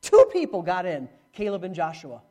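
A middle-aged male pastor preaching a sermon, with dramatic swings from hushed to loud. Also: normal speed. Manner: animated preaching with dramatic swings in pitch and volume. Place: church, live-streamed.

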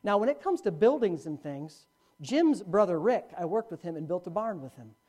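A man preaching a sermon as pastor, telling a story with wide swings from loud preaching to quiet asides. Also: high voice, big pitch swings, moderate pace.

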